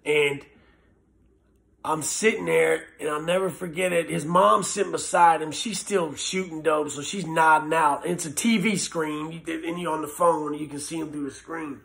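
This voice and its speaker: A man who served prison time gives personal testimony about addiction, talking in an earnest, halting and blunt way with some swearing. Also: on the high side, steady tone, gravelly, fairly bright tone. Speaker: former prisoner sharing recovery story.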